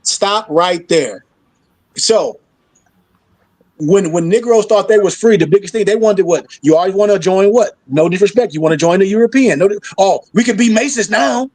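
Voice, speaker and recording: Host, male, blunt sarcastic preacher, high voice, dry sound. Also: moderate pace, a little mellow, no room sound, poor audio. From Michigan, US. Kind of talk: heated discussion.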